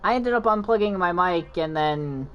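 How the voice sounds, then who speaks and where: An expressive man with a high, slightly bright, clean voice chats casually as a gaming channel host at a moderate pace, though the audio is dull. He stutters, mumbles, and rambles, constantly restarting sentences and backtracking when he loses the thread of his stories.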